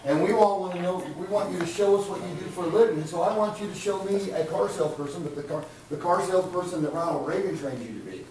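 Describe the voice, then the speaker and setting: A man's voice: high-pitched, quick pace, few pauses, a little mellow, distant mic, slight background noise. A man leading a live sales training session, chatty and coaching, often repeating his words. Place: training room with an audience. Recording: echoey room from afar.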